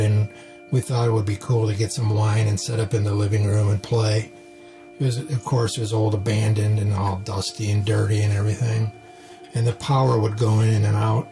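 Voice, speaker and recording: A man with a lowish, gravelly voice recalls an old night on tour in an easy, reminiscing way. Music plays clearly behind him. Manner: relaxed reminiscing with restarts. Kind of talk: documentary interview recollection.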